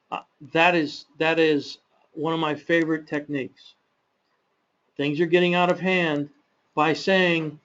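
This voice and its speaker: A man giving an instructional webinar in a measured, practical way, with occasional fillers and self-corrections. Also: on the high side. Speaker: webinar presenter on confrontation management. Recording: muffled, dull webinar audio.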